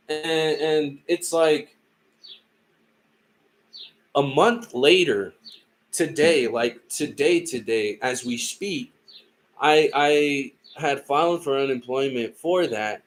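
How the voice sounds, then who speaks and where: A man's voice: a little high, slow pace, pauses often. Profane, heated young man telling a story. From California. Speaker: tarot live streamer. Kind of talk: casual storytelling.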